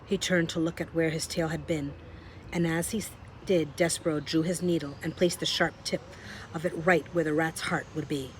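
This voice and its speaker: A woman reading a children's novel aloud, measured and speaking straight to the listener. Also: low-pitched, fairly even intonation, slight background noise, poor audio. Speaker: storybook reader.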